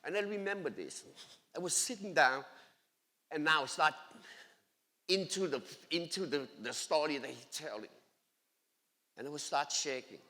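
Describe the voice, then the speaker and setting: Guy sharing his testimony in church, all excited, bright sharp voice, long echo off the hall. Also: on the high side, normal speed, long pauses. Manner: excited and emphatic, with broken grammar. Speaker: church member giving a testimony. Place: church sanctuary.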